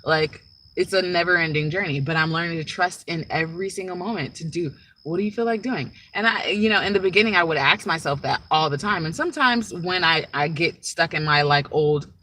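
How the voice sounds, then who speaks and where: A woman's voice: lowish voice, brisk, sharp tone, rough recording. A woman speaking as a spiritual teacher in a casual, rambling monologue, often checking in with "right?" and "like".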